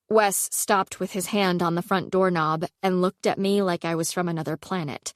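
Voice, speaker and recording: A young adult woman narrating a first-person audiobook with expressive storytelling. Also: on the low side, normal speed, hardly any pauses, no room sound, clean studio sound. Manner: expressive storytelling, voicing characters.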